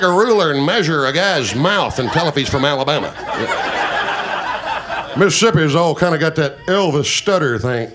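A man's voice: fairly high pitch, expressive, normal speed, background noise. A man, a country singer, chatting and joking with the audience in folksy live stage banter. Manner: joking, teasing, folksy storyteller.

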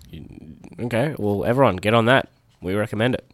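A man's voice: fairly low pitch, fairly quick, no echo. A young man hosting a casual podcast, teasing his co-hosts and egging them on. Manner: lively, teasing, eggs others on. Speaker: podcast host.

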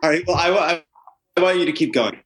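A man's voice: on the high side, fast talker, fairly bright tone. A man listening to a script reading, interrupting with mock-polite questions and notes in a comedy bit. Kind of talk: comedic banter.

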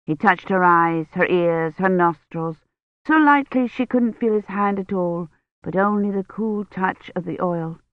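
An audiobook narrator reading a novel in a slow, measured way. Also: mid-range voice, no room sound. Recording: dry tinny phone-like audio.

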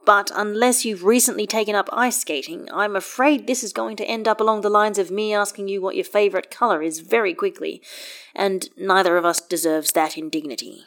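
A woman's voice: medium pitch, fairly even intonation, fairly quick, natural voice. A woman voicing a tired, politely exasperated wizard man with a dry wit, reading fan fiction aloud. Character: weary, polite, dryly witty wizard man.

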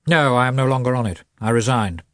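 A man reading the lines of an earnest, anxious younger brother who speaks guiltily and with sudden excitement. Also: mid-range voice, fairly quick, no echo, clean studio sound, close to an everyday voice.

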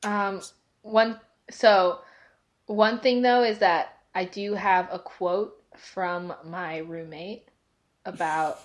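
A woman's voice: mid-range voice, steady tone, slow. Giggly woman cohost rambling on a chill podcast, lots of "like"s. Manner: chatty and giggly, with many fillers. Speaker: podcast co-host. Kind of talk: casual podcast chat.

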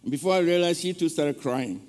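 A man's voice: fairly high pitch, a little fast, darkish tone. A man preaching a sermon in a church, telling an emotional story and calling out questions to the congregation. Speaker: guest preacher. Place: church sanctuary. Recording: long church reverb.

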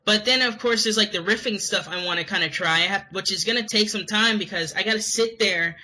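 A young Scottish man chats as a podcast co-host, rambling with lots of fillers and restarts. His high voice has a very bright, sharp edge. He talks in a loose, meandering way. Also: fairly quick, rough recording. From Scotland. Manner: rambling, hesitant, many fillers. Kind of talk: casual chat.

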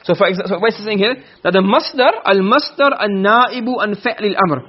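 A man's voice: sits high, lively intonation. A man teaching Arabic grammar in a classroom lesson, quizzing his students as he goes and reading Arabic text before explaining it. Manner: quick, questioning, reads Arabic text then explains. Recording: dull lo-fi recording.

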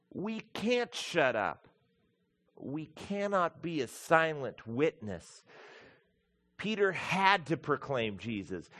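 A man's voice: fairly high pitch, a bit bright. A man preaching a sermon as pastor, emphatic and building through lists of repeated words, addressing the congregation as folks.

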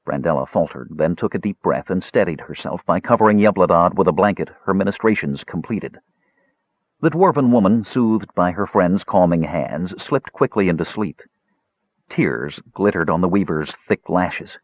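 A man with a low, husky voice narrates a fantasy audiobook, and his intonation moves up and down widely. The sound is dry and slightly dull, like a lo-fi home recording. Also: normal speed, dry recording. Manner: expressive storytelling.

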